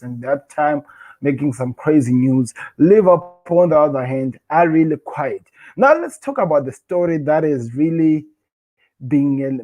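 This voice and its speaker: A young man hosts a casual football video, talking straight to his viewers. He rants with animated frustration and circles back over the same points. His voice is a little high but soft and mellow in tone. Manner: animated, repetitive, frustrated ranting. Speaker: host. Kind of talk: casual football rant to camera.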